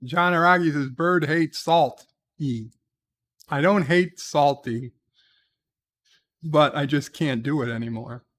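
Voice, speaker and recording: This livestream host works through his chat casually, reading comments aloud, replying with dry wit and saying "uh" often between lines. He has a fairly high, slightly bright voice and takes things slowly, leaving long pauses.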